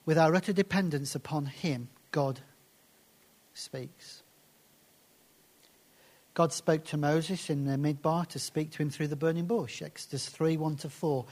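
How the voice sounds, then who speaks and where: A man preaching a sermon and reading scripture aloud, slowing down and dropping to soft, hushed phrases for emphasis. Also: on the high side, fairly even intonation.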